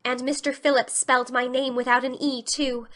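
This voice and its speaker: A woman's voice: high-pitched, level tone, normal speed, a bit bright. A woman voicing a fiery red-haired young girl in an audio drama, speaking passionately and dramatically. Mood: resolute.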